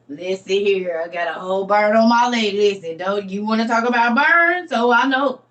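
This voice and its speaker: A woman's voice: a little high, normal speed, fairly bright tone, distant mic, lo-fi sound. Laughing, teasing woman with a slangy drawl. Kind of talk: casual commentary on a reading.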